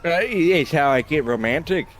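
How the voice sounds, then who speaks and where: A man's voice: on the high side, lively intonation, moderate pace. A man bantering in character during a roleplay, laughing, swearing and playfully flirting. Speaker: roleplay player.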